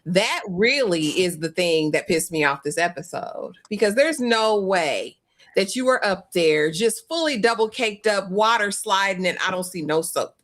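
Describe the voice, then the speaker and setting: A woman's voice: medium pitch, lively intonation, moderate pace. Emphatic woman ranting in long lists. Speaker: co-host. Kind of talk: casual review chat.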